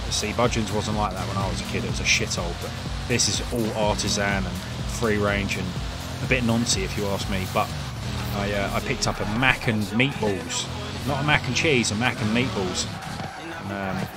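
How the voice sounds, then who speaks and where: A man's voice: lowish voice, moderate pace. A man, chatting and swearing casually while live-streaming a game. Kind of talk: casual live gameplay chat. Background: loud game music.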